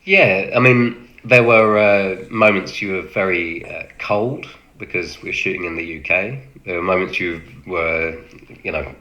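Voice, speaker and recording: Man, low bright voice, halting storyteller who mimics others. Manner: halting, full of fillers, acts out quoted lines. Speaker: film extra recounting set experience. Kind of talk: casual anecdote.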